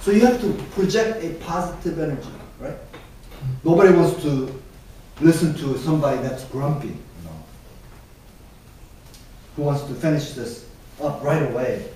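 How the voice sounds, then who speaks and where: Professor lecturing in an echoey classroom. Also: male voice, on the high side, animated, moderate pace, long pauses, dark tone. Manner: conversational, keeps checking in with "right?". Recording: very echoey classroom, mic far off, faint hiss.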